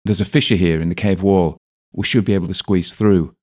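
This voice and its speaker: A man's voice: low voice, flat delivery, fast, mellow. A man voicing a practical, matter-of-fact male companion in an audiobook, speaking plainly.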